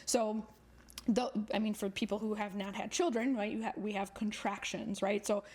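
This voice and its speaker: A woman's voice: medium pitch, steady tone, moderate pace, darkish tone. A woman therapist, a guest on a podcast, talking frankly and with energy in casual conversation, swearing freely and acting out inner voices.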